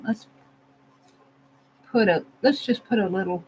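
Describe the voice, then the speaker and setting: A woman's voice: medium pitch, a little slow, slight background noise, poor audio. A woman narrating casually as she carves a stamp, thinking aloud and laughing at herself. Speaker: art vlogger. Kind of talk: casual narration while crafting.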